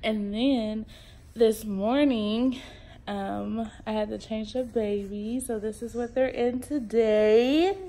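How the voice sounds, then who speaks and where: A woman's voice: on the high side, fairly even intonation, slow pace, mellow. A woman chatting casually to the camera as a mom vlogger at home in her kitchen, cooing in baby talk at her twins. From Texas. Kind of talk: casual home vlog chat.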